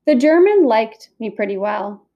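Woman voicing a young girl in a storybook, quick, chattering, high and lively. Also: dull audio. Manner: bright, breathless chatter. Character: quick-witted young peasant girl bluffing soldiers.

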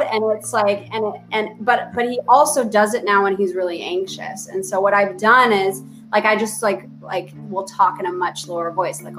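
A woman's voice: medium pitch, normal speed, hardly any pauses, a bit bright, soft background music. A woman of thirty, a therapist speaking as a guest in a casual podcast interview, chatty with many fillers and restarts.

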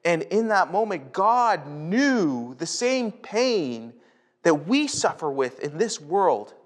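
A slightly higher-voiced male pastor from North America delivers a sermon in a relaxed, conversational way. He stumbles over repeated words as he gets into a thought. When he retells a story, his voice climbs sharply and gathers energy. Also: slow.

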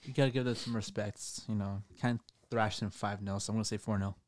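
A man's voice: on the low side, fairly even intonation, fairly quick, no room sound, clean studio sound. A man on a casual football podcast, laughing and teasing the others between picks. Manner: laughs often, teasing banter. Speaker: podcast co-host. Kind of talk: casual sports prediction chat.

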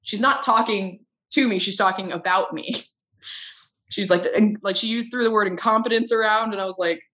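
A young adult woman, a podcast guest from film set crew, telling a story in a lively, casual way, acting out dialogue and laughing often. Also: mid-range voice, moderate pace. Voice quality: animated, acts out dialogue in quoted voices, laughs often.

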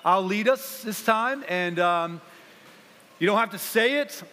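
Man, preacher, sermon, energetic and chatty, somewhat high voice, long hall reverb. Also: a little slow. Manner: energetic, conversational, rallying the audience.

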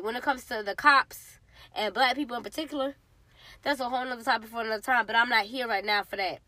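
A woman sharing her personal testimony in a casual, animated, emphatic way, talking straight to her listeners. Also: high-pitched, dry recording.

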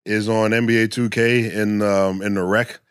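A man's voice: fairly low pitch, moderate pace, clear, resonant tone. A man chatting casually on a podcast, telling loose, profane stories full of "yo" and "you know what I'm saying". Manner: loose, profane, animated storytelling. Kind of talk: casual chat.

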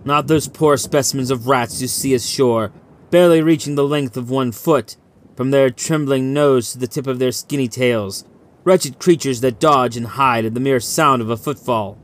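Guy reading a spooky sea story aloud, steady, vivid, mid-pitched voice. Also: normal speed. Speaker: audiobook reader.

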